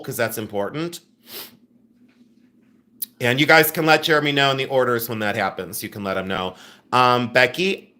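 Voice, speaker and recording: A middle-aged man hosting a live-stream sale, reading out viewer names and orders and making quick asides to his helpers. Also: medium pitch, pushed and bright. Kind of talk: live-stream selling chat.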